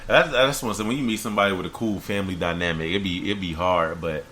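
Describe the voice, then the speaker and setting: A man co-hosting a casual podcast chat, animated, acting out quotes in a high voice. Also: fast talker, slight background noise. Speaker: podcast co-host.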